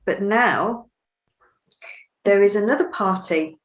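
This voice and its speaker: A woman's voice: medium pitch, takes it slowly, poor audio. A woman hosting an interview, asking questions and encouraging her guest.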